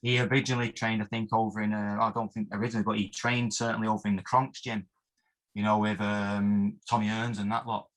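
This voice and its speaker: Guy, bit low voice, martial arts coach rambling thru old stories, lots of um and flipping heck. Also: level tone, a little fast. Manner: rambling anecdotes with many fillers and mild oaths. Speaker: martial arts instructor, guest. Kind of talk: interview storytelling.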